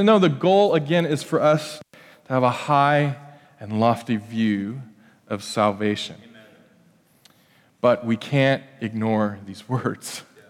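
A pastor with a higher-than-average voice takes his time as he preaches in a church sanctuary. The sermon is relaxed and jokey, animated, and packed with restarts and asides, all carried on the long reverb of the hall.

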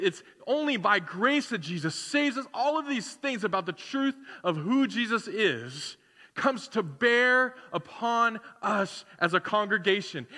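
A man's voice: sits high, bright, forceful tone. A man preaching a sermon to his church in a loose, conversational way, full of fillers and acted-out asides. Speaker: pastor. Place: church sanctuary. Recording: long church hall reverb.

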